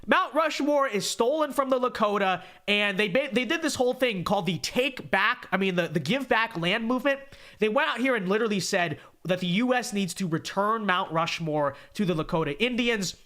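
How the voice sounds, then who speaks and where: A man's voice: high-pitched, lively intonation, moderate pace, sharp tone. A congested man hosting a live stream, talking straight to his chat with sarcastic asides. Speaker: host.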